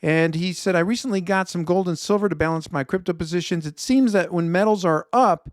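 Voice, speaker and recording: A man's voice: sits high, brisk, dry recording, clean studio sound. A man from Chicago with a Chicago accent hosting an investment show, talking casually through market commentary and correcting himself as he goes. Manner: conversational, reads viewer feedback, self-correcting.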